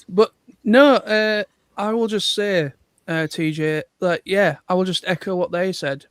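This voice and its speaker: An English man co-hosts a casual livestream chat, rambling earnestly with lots of fillers. His voice sits high, and the sound is dry and close. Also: slow, pauses often, dry recording. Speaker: livestream co-host.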